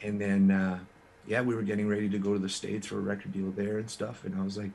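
A man from Canada, a musician guest in an interview, telling his story in an earnest, frank way with quick restarts. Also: lowish voice, little pitch movement, vocal fry, darkish tone, a little hiss or hum.

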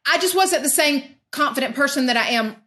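A woman talking as a guest in a casual chat, reserved and soft-spoken. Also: high-pitched, animated, a little fast. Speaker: guest, best friend of host.

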